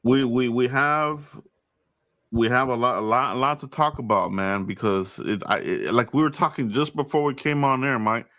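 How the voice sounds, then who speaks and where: A man's voice: medium pitch, normal speed, sharp tone, no room sound. Laid-back man with a dry close sound. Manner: loose, laughing, stammering restarts, hype asides. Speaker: podcast host. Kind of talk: casual sports chat.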